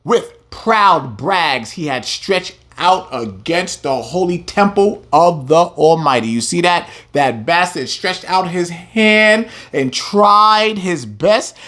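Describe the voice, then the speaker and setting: A man teaching from scripture, reading verses aloud and breaking into heated, emphatic commentary. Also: on the high side. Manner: animated, emphatic, swings between reading and loud preaching. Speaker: religious teacher.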